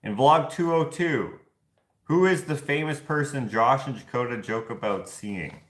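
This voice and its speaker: A man's voice: medium pitch, measured pace, fairly bright tone, roomy sound, slight background noise. A man hosting a vlog giveaway, chatting in a loose, rambling way and chuckling often. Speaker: vlog host running a giveaway. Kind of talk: casual chat.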